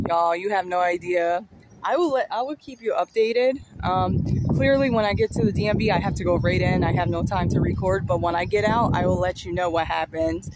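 A chatty woman rambles to her viewers as she vlogs from the street, calling them "y'all". Her middle-pitched voice comes through a handheld phone, with loud traffic and street noise all around her. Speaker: vlogger. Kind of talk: casual vlog talk to camera. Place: outdoors by a street and train station. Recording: outdoor street noise and passing vehicles.

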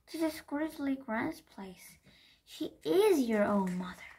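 A woman's voice: high-pitched, expressive, slow pace, dark tone, slight background noise, full character voice. Woman voicing an earnest young boy bear. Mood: urgent.

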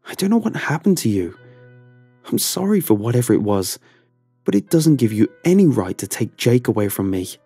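A man's voice: sits low, level tone, very slow, pauses often, darkish tone, dry recording, soft background music, heavily acted. A man voicing a desperate young man who pleads in a raised, strained voice in a horror story. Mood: angry. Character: desperate young man, haunted by his brother.

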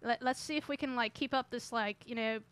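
A woman's voice: on the high side, steady tone, a little fast, a bit bright, smooth, no echo. A young woman chatting playfully on her live stream, giggly and rambling with lots of fillers. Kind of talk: casual live-stream chat.

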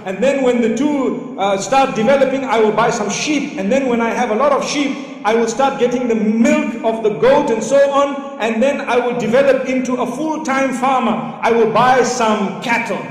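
A man's voice: very high-pitched, moderate pace, few pauses. A man voicing a daydreaming young man who eagerly plans his way to riches, step by step. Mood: eager dreaming. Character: daydreaming young man scheming to get rich. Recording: echoey hall.

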